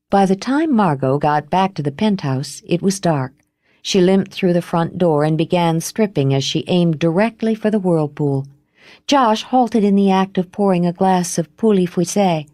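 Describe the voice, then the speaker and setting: Low-voiced woman narrating a novel. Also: lively intonation, normal speed, mellow, no room sound, studio quality. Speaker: audiobook narrator. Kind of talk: scripted narration.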